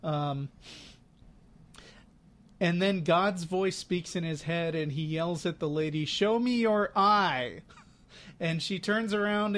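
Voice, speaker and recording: A man with a fairly high-pitched voice co-hosts a podcast in easy, casual chat. He tells a story like a chatty storyteller and drops amused, sarcastic asides. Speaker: podcast co-host.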